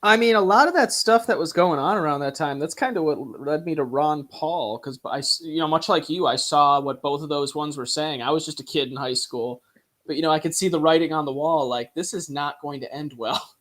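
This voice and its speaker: A man in his thirties joins in on a podcast, easygoing and quick to agree. He speaks in a casual, conversational way. His voice sits slightly high for a man. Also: a bit bright. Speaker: podcast co-host. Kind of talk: casual chat.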